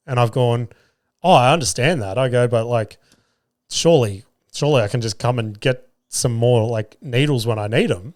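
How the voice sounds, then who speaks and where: A man's voice: mid-range voice, normal speed, no room sound, studio quality. A young adult Australian man hosting a podcast, telling a story in casual chat and acting out the dialogue, swearing freely. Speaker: podcast host.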